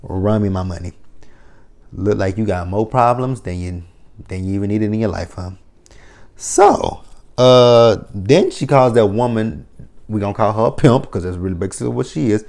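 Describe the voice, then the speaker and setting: A man's voice: fairly low pitch, expressive, normal speed, vocal fry, darkish tone. Sarcastic man recapping a TV episode. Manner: sarcastic, profane running commentary. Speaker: TV episode reviewer.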